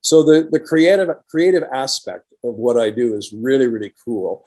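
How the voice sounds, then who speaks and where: A man's voice: medium pitch, normal speed, mellow, rough recording. An older man, a retired radio professional, talking enthusiastically as a podcast guest. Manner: enthusiastic, tells stories with quoted dialogue. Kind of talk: casual interview conversation.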